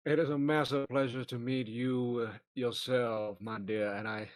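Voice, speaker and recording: A man's voice: medium pitch, flat delivery, a little slow, dry recording, lightly acted. A man doing a smug pompous aristocrat. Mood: gallant. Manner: smug, flowery, mock-gallant.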